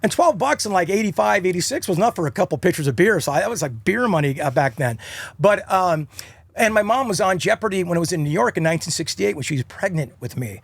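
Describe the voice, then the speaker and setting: A man in his fifties, a podcast guest, telling casual stories in an animated way and acting out quotes. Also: high voice, fast talker, gravelly, breathy edge, no echo. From United States. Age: 50s. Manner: animated, acts out quotes in funny voices. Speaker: podcast guest, rock singer. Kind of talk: casual storytelling.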